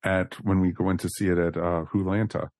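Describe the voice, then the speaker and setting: A man co-hosting a fan podcast, chatting casually, excited and blunt, sometimes swearing. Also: deep voice, a little fast, no echo, studio quality. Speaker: podcast co-host.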